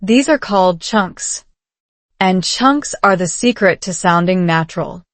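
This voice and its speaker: A woman giving calm, measured scripted narration of a story for English learners. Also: fairly low pitch, no room sound.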